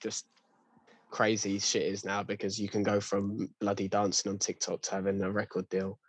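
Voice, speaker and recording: A man's voice: fairly low pitch, completely flat delivery, normal speed, slightly rough, no room sound. A young man in a casual chat, ranting with lots of slang and restarts.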